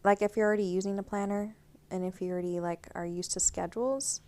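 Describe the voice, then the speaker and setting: A woman's voice: medium pitch, fairly even intonation, quick pace, darkish tone. A woman co-hosting a podcast, chatting casually and giving encouraging, practical tips. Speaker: podcast co-host. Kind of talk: casual chat.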